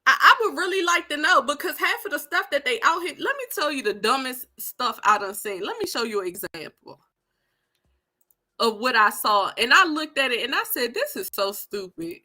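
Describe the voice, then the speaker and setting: Woman, loud bright voice, animated and sassy, ranting to the camera. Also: high voice, normal speed. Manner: animated, sassy, talks straight to the audience. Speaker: online commentator. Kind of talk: casual commentary to viewers.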